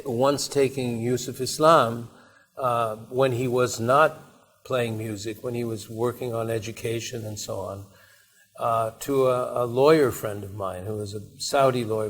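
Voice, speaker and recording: A man's voice: medium pitch, fairly even intonation, measured pace. A man giving a conversational talk at a university, telling anecdotes in a rambling way with frequent restarts and asides. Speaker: invited speaker. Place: university seminar room.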